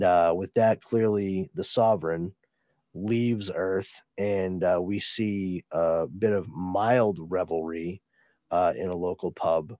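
A man's voice: low voice, fairly even intonation, slow pace, darkish tone, no echo. A man hosting a casual comics podcast, rambling through a story recap with plenty of fillers and swearing. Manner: rambling, profane, many fillers. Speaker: podcast host reviewing comics.

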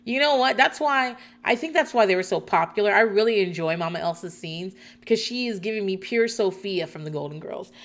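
A woman talks through a TV episode in a loose, rambling way, with frequent laughs and plenty of swearing. Her voice sits at an ordinary pitch for a woman. It sounds like an unscripted, chatty podcast host. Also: animated, a little fast, hardly any pauses. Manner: rambling, profane, laughs often. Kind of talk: casual episode recap.

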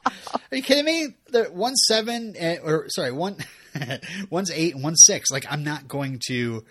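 Here a thirtysomething podcast co-host chats casually through episode recaps, meandering, breaking off mid-thought and laughing often. His slightly high voice is expressive and unhurried, with background noise audible.

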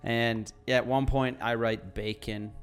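A man's voice: mid-range voice, steady tone, takes it slowly, soft background music. A man playing his character in a tabletop game, rambling and laughing often. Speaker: player. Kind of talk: tabletop role-play.

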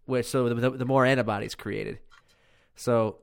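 A man's voice: medium pitch, steady tone, moderate pace, creaky, clear, resonant tone. A tired man co-hosting a podcast in loose, crude, joking chat that trails off and restarts. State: worn out and tired. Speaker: podcast co-host. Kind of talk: casual chat.

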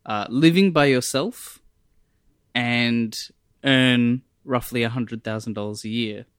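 A man's voice: medium pitch, clear, resonant tone, no room sound. A man hosts a casual podcast with a playful, joking manner. His mid-range voice sits close and dry on the mic, with no room sound around it. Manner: playful, quick, laughing asides. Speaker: podcast host.

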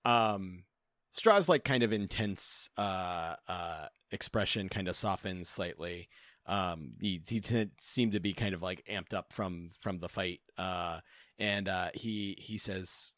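Male player, low voice, halting with lots of fillers, dry close sound. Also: fairly bright tone, no room sound. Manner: hesitant, filler-heavy. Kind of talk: casual narration of play.

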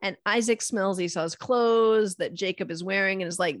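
A woman's voice: mid-range voice, moderate pace, dry recording, studio quality. Casual irreverent woman retelling a story. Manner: irreverent, swears, acts out quotes playfully. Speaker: podcast co-host retelling Bible stories. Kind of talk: casual chat.

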